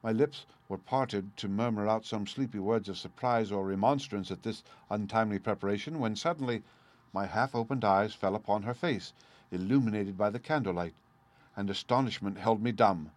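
A man reading a first-person story aloud at a measured, steady pace. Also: lowish voice. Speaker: audiobook reader.

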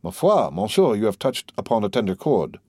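A man's voice: fairly low pitch, big pitch swings, fairly quick, warm tone, no room sound, studio quality. A man voicing an eager young man in an audiobook, raising his voice for the part.

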